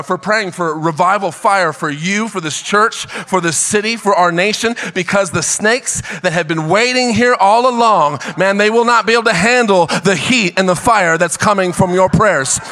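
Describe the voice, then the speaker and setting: A man preaching a sermon as pastor, building his points into impassioned, shouted crescendos. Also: high-pitched. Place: church auditorium. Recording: church hall reverb.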